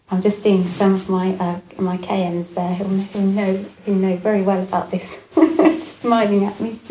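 A woman giving a Buddhist dharma talk, gentle and reflective, with frequent pauses and fillers. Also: mid-range voice, a little hiss or hum. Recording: echoey room with faint ambience.

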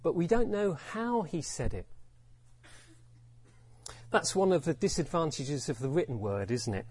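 Husky, reflective male dharma teacher. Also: on the high side, animated, a little slow, darkish tone, no echo. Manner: reflective, repeats phrases, asks rhetorical questions.

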